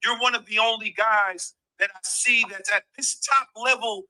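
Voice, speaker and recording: A man's voice: sits high, fairly even intonation, moderate pace, sharp tone, low-quality recording. A man co-hosting a livestream, interviewing a guest in an earnest, slightly formal way. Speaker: co-host interviewer.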